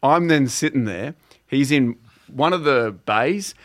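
A man with an Australian accent, a podcast guest telling stories in a casual, animated way and laughing often. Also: medium pitch, a little slow. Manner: animated storyteller who acts out quotes and laughs often. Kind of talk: casual storytelling chat.

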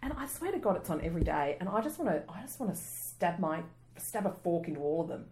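A woman co-hosting a podcast in casual chat, animated and quick to laugh, exaggerating for comic effect. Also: lowish voice, background noise. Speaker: podcast co-host.

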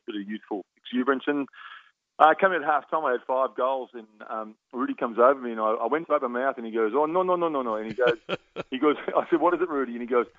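An Australian man in his fifties tells his football stories over the phone at a quick clip, often stopping to restart a sentence. The line is thin and tinny, and the sound is dry with no room around it. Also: medium pitch, no echo. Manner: animated storyteller with many restarts and laughs. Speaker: guest, former footballer. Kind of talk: radio interview, storytelling.

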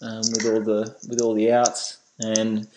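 An Australian man co-hosts a casual sports podcast, joking, laughing, and often repeating words as he goes. His voice is fairly low, monotone, and measured, with background noise in the recording.

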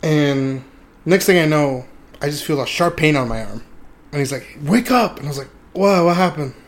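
Young adult man, slightly high-voiced, casual storyteller, laughs and swears a lot. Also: moderate pace. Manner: laughs often, loose and swearing. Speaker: podcast host.

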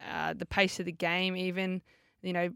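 A woman's voice: on the low side, level tone, normal speed, gravelly, fairly bright tone, clean tone, no echo, studio quality. A young Australian woman, a footballer co-hosting a podcast, chatting casually with lots of fillers and easy laughs.

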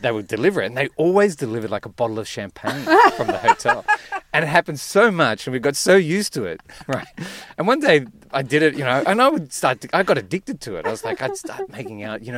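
Male comedian, guest chat, middle pitch, animated delivery, acts out voices. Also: a little fast, a crowd in the background. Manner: animated storyteller, acts out quotes. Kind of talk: casual chat. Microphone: studio mic.

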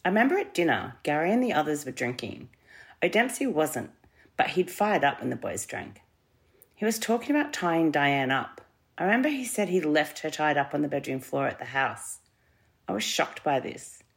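A woman voicing a frightened woman giving a statement to police, in a plain, measured telling. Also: sits low, big pitch swings, vocal fry, full character voice. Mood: shaken. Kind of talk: reading a witness statement.

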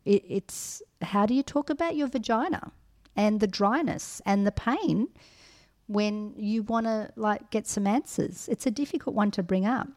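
A woman's voice: medium pitch, darkish tone. A middle-aged woman co-hosting a podcast, giving frank advice in a casual chat with many ums and restarts. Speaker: podcast co-host.

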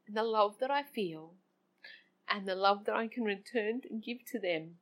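A woman's voice: medium pitch, moderate pace, fairly bright tone. A middle-aged woman, talking in a personal reflective monologue, emotional and open-hearted, with frequent laughs. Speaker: vlogger.

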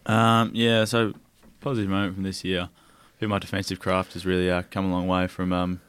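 Hesitant young Australian man, smooth voice. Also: low voice, little pitch movement, a bit bright. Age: young adult. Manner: hesitant, full of pauses and fillers. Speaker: footballer guest. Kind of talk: casual podcast interview.

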